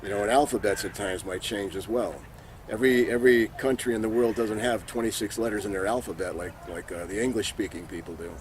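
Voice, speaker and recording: A man's voice: fairly low pitch, steady tone, brisk. A man giving an informal religious teaching, earnest and repeating his key points for emphasis. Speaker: Bible teacher. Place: sitting somewhere in Israel.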